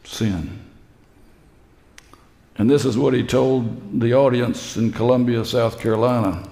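Slow-speaking preacher in an echoey church. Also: male voice, mid-range voice, fairly even intonation, creaky, warm tone. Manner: slow storytelling preacher, rising to emphatic peaks. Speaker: pastor. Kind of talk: sermon. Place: church sanctuary.

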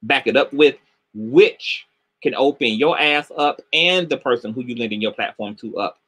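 A middle-aged man hosting a livestream commentary show, animated and sassy, swearing heavily and greeting viewers by name. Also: medium pitch, moderate pace.

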